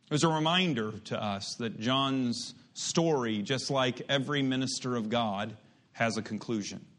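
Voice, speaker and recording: A middle-aged man preaches a sermon in a steady, mid-pitched voice. He reads scripture slowly and builds emphasis as he goes. Later he turns quiet and reflective while telling memories. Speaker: pastor.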